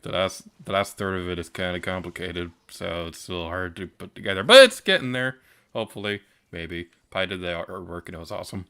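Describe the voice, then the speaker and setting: Deep-voiced laid-back male streamer. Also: fairly quick, clean tone. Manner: relaxed, laughs often. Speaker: stream host. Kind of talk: casual chat while gaming.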